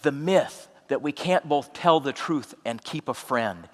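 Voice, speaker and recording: A middle-aged man speaks from a stage in a large auditorium. His voice sits a little high, and the long reverb of the hall hangs behind each phrase. He tells his story in a measured, deliberate way and leans on his pauses. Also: expressive. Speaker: keynote speaker. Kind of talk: inspirational stage talk.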